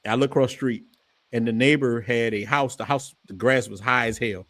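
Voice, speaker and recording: A man's voice: mid-range voice, a little fast, no echo. A man, hosting his channel and telling stories in casual chat, his voice rising as he acts out quotes. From New Orleans, Louisiana. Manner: animated storytelling, voice rising when quoting his father. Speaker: channel host.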